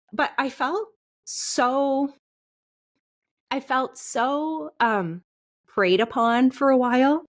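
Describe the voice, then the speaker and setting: Woman in her 30s telling a rough personal story on a podcast, slightly high voice, laughs nervously, lots of restarts. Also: drawn-out words, long pauses. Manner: emotional, laughing through painful memories, many restarts. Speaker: podcast guest.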